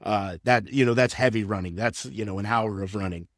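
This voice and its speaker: A man's voice: fairly low pitch, a little fast, a bit bright, no echo, clean studio sound. A man who works as a strength and conditioning coach, explaining training in a casual podcast interview with lots of fillers.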